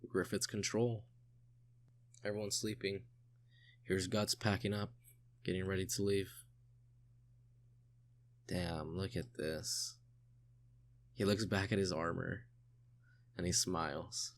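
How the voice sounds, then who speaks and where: A young man reads comic panels aloud and reacts to them as a channel host. His voice sits a little low and he takes his time, drawing the words out. He talks casually, sighs a lot and swears freely. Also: little pitch movement, slow, long pauses. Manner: casual, sighing, swears often.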